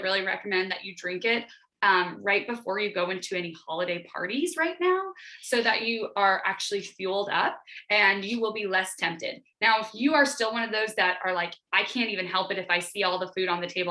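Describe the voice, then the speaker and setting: A woman's voice: mid-range voice, sharp tone. A woman fitness coach telling her own story on a group call, chatty and full of "like" fillers, acting out what she said back then. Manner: chatty, lots of "like" fillers, acts out her own past lines. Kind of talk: casual testimonial on a group call.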